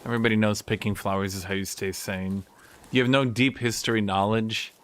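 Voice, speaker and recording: A young man streaming a game, talking casually in a rambling, animated storytelling way. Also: fairly low pitch, fairly quick, a little hiss or hum. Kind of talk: casual chat while gaming.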